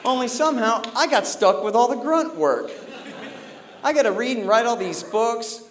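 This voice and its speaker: Sardonic high-voiced male comedian. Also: animated, normal speed, background noise. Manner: sardonic storytelling, acts out characters. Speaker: stand-up comedian. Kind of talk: stand-up comedy set. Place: comedy stage before a live audience.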